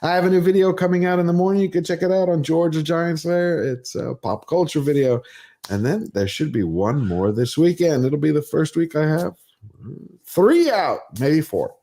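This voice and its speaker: A man's voice: on the high side, lively intonation, moderate pace, dark tone. A man guesting on a live stream, plugging his upcoming videos and saying goodbye. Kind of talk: casual sign-off chat.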